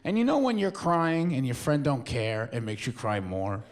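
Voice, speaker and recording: A man's voice: mid-range voice, big pitch swings, normal speed. A young man, telling loose, mumbly stories in a stand-up set and acting out quotes. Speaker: stand-up comedian. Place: theater stage with a live audience.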